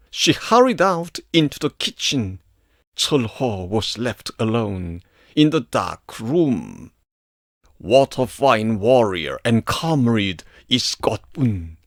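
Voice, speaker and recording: A male narrator reads an epic poem at an unhurried pace. His pitch rises and falls widely with the drama of the verse. The recording is dry, with no room sound. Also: no room sound. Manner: slow, expressive poetic reading.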